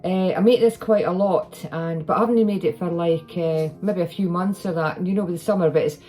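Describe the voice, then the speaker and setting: A woman's voice: lowish voice, steady tone, fairly quick, warm tone, faint music behind. A Scottish woman chatting in a rambling way in her home kitchen while she bakes, filmed on a phone, often restarting her sentences. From Scotland. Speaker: home cooking vlogger. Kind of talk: casual chat while baking. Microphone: iPhone.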